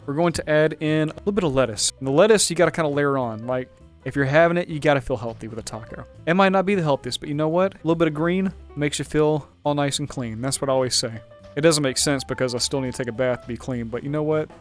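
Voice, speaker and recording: Fast, jokey male gaming host. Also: on the high side, faint music behind. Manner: upbeat, jokey and chatty. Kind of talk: casual gameplay commentary.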